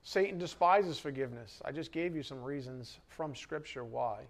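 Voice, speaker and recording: A man's voice: mid-range voice, expressive, moderate pace. A male pastor preaching a sermon to his congregation in a church hall, firing questions at them and rising sharply when worked up.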